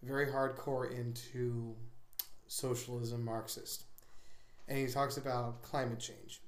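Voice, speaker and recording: A man's voice: mid-range voice, flat delivery, slow pace. A man hosting a casual faith discussion, rambling with restarts and digressions. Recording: echoey room.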